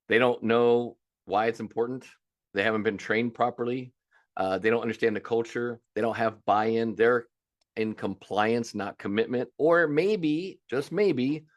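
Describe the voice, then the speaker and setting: Emphatic, energetic male restaurant coach. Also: medium pitch. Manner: energetic, emphatic, acts out owners' voices; casual and blunt, swears now and then. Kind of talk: coaching webinar presentation.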